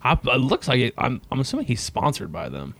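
A man's voice: medium pitch, huge pitch swings, brisk, creaky, a bit bright, slightly rough. A man co-hosting a podcast in casual chat, laughing often and swearing casually as he gushes. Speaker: podcast co-host.

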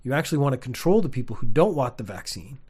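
A young man, rambling through a casual comedic monologue with wry, deadpan asides. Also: mid-range voice, fast, breathy edge. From Canada.

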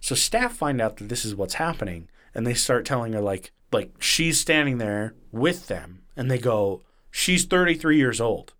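A man hosts a podcast in a casual, animated way. He swears often and throws himself into quotes with shifting voices. His pitch sits at an ordinary middle for a man. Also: normal speed, few pauses. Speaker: podcast host. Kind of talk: casual storytelling chat.

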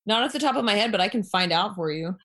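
Animated woman telling a spooky story. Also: mid-range voice, fast talker. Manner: animated, acts out quoted lines, many fillers. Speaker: guest telling a personal story. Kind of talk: casual storytelling.

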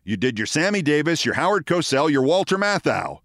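A man in his sixties from the Bronx, with no regional accent, telling a scripted story as a host in a wry, deliberate manner. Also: on the high side, sing-song, a bit bright, no room sound, clean studio sound. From the Bronx, New York. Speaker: host, commentator.

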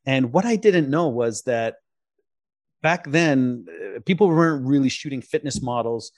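A man's voice: mid-range voice, moderate pace, no room sound, studio quality. A man tells his story in a loose, rambling way, restarting his sentences and dropping in fillers. His voice sits in an ordinary middle range. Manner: rambling, full of restarts and fillers, lively impressions. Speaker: podcast guest, photographer. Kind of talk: casual interview storytelling.

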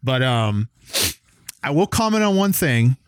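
A man from the American South, chatting casually as a co-host, rambling, excitable and full of swearing. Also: mid-range voice, a little slow, clear, resonant tone, no room sound. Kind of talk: casual chat.

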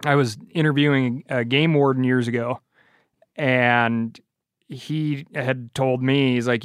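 A man's voice: mid-range voice, fairly even intonation, takes it slowly, clear, resonant tone, no room sound, studio quality. A man in casual conversation, passing along what someone told him and bringing others in. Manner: relays quotes, hands the floor to others.

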